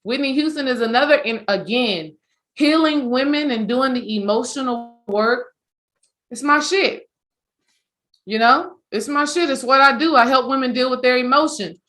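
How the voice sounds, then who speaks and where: A woman healing coach speaks in a high voice at a moderate pace. She tells a story in a casual, animated monologue, repeating herself emphatically for effect.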